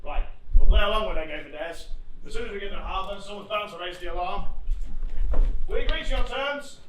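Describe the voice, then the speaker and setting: A man's voice: sits high, a little fast, sharp tone, a little hiss or hum. A male student actor playing a pompous, exasperated home guard captain on stage, recorded from far off in an echoey hall. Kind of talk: amateur stage acting. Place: theatre stage.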